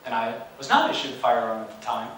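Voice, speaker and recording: A man in his forties giving a storytelling lecture as a guest speaker, animated and conversational with wry humor. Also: mid-range voice, fast talker, a little hiss or hum. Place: large university lecture hall. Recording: echoey hall, distant mic.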